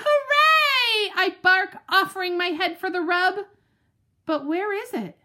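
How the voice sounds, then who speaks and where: A woman reading a children's storybook aloud with animated, dramatic expression, telling it as the dog. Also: high voice. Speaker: audiobook narrator.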